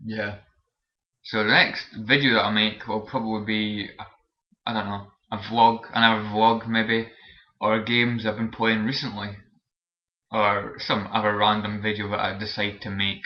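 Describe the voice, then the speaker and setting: A young Scottish man with a Borders accent rambles through a casual vlog, full of fillers and restarts. His voice sits fairly low. It comes through a roomy space on dull, lo-fi webcam audio. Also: flat delivery, a little slow. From Scotland. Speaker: vlogger.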